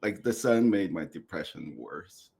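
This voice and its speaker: Low-voiced laughing podcast host. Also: male voice, expressive, a little slow, creaky, breathy edge. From Korea. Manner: soft-spoken, laughing, self-deprecating. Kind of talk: casual conversation.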